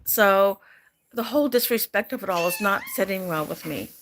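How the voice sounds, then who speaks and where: A woman's voice: mid-range voice, lively intonation, moderate pace, a bit bright. A middle-aged woman vlogging, angry and upset, repeating herself as she vents after sleepless nights. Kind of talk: emotional personal vlog.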